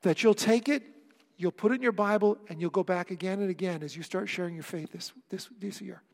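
The church hall's long reverb surrounds this male pastor as he preaches a little fast in a high voice. His sermon is earnest and emphatic, with wry asides thrown to the congregation.

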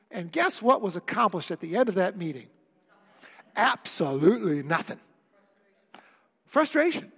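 High-voiced preacher in a reverberant hall. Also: male voice. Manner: builds to impassioned near-shouting, then drops to quiet. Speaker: pastor. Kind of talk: sermon.

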